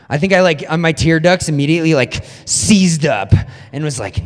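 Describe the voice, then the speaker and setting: A man's voice: fairly high pitch, fairly quick. Chatty male pastor in an echoing hall. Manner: chatty, self-deprecating storytelling with many "like"s. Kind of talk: casual conversational sermon. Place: church hall. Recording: long hall reverb.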